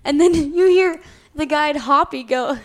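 A young woman on a family podcast who teases and giggles as she tells the story. Her voice is high. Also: measured pace. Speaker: daughter, podcast co-host. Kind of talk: casual family podcast chat.

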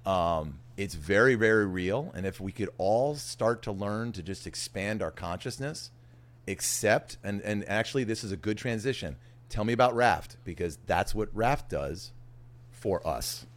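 A man's voice: on the low side, animated, a little slow. A man hosting a podcast interview, eagerly agreeing with his guest and steering the talk. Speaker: podcast host.

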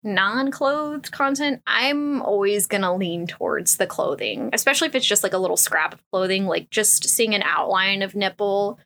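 A woman's voice: medium pitch, expressive, normal speed, few pauses, fairly bright tone. A woman hosting a casual comedic commentary, frank and crude, with lots of fillers.

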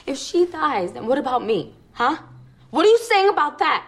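A woman's voice: high voice, big pitch swings, normal speed. An actress playing a defiant teenage girl student who confronts her teacher in a film scene, with a confrontational delivery. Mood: angry. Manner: confrontational, accusing.

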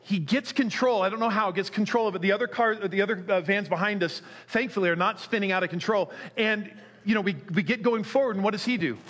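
A middle-aged man preaching a sermon, telling a story with animation before turning quiet and earnest. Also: high-pitched, fast talker, few pauses. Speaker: pastor.

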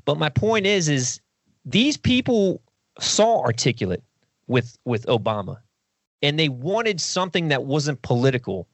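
Profane, rambling man with a high voice. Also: a little slow, dry recording. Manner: rambling, profane, animated with impressions. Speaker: podcast guest. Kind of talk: casual podcast discussion.

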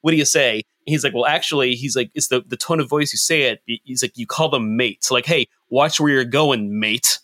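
A man from the United States, chatting on a podcast and telling stories in an animated way, laughing often. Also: mid-range voice, fast talker, hardly any pauses. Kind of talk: casual chat.

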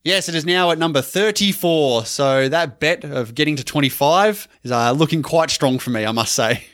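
A man's voice: fairly high pitch, normal speed, fairly bright tone. A man hosting a movie podcast, talking in a jokey, upbeat way. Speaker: podcast host. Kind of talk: casual chat.

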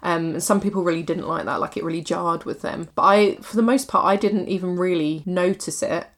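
A woman's voice: lowish voice, a little fast. A woman co-hosting a casual chat about films and TV, rambling with lots of fillers. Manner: chatty, rambling, full of fillers. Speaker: podcast co-host. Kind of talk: casual film and TV review chat.

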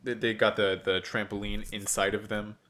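A man hosting a podcast in casual chat, low-key and often trailing off quietly. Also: level tone, moderate pace. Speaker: podcast host.

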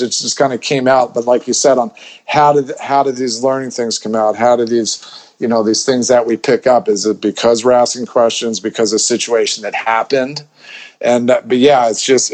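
A man telling a story as a podcast guest, rambling with lots of restarts and swearing freely. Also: medium pitch. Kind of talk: casual storytelling chat.

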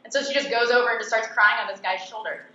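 A woman speaks with a bright, forceful edge and a blunt, sarcastic delivery. The recording is very echoey and slightly dull in tone. She answers interview questions as a commentator, animated and opinionated. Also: a little high, quick pace. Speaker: political commentator and podcast host.

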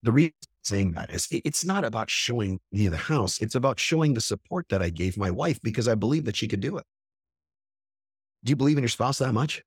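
A man hosting a podcast in a casual monologue to his camera, blunt and profane, animated and emphatic. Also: on the low side, fast talker, few pauses, breathy edge, no echo, studio quality. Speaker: podcast host. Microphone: computer camera at a desk.

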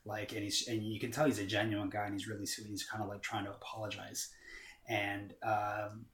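Rambling man with a lowish voice. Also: level tone, brisk, fairly bright tone. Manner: rambling, heavy filler words and casual swearing. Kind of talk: casual chat. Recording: roomy echo.

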